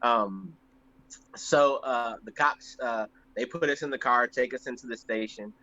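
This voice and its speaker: A man's voice: mid-range voice, unhurried. A young man co-hosting a podcast, telling stories casually and acting out the voices of people in them. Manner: animated, acts out voices in anecdotes. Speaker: podcast co-host. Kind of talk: casual storytelling. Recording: slightly muffled lo-fi audio.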